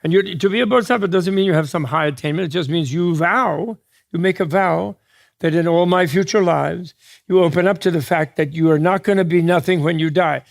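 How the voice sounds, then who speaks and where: A man's voice: high voice, gravelly. A man giving a dharma talk to an audience as a Buddhist teacher, digressive and joking, often restarting mid-thought. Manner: digressive, joking, quick asides with laughs.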